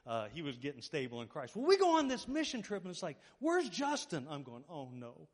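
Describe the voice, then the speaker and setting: A man with a fairly high voice preaches quickly in a large hall. He is the pastor, and he tells his stories animatedly while mimicking the voices of those involved.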